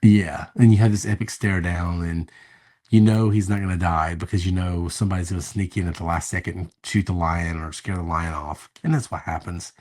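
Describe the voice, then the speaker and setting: A man's voice: low-pitched, fairly even intonation, brisk, darkish tone. A man co-hosting a podcast, chatting loosely about a movie in a laid-back, rambling way with casual swearing. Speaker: podcast co-host. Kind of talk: casual movie review chat.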